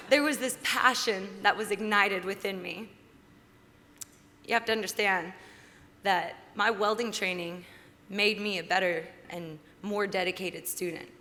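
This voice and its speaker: A woman in her twenties giving a heartfelt acceptance speech at a podium microphone in a large hall, earnest and rising with excitement. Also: mid-range voice, moderate pace. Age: 20s. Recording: reverberant hall with faint background noise.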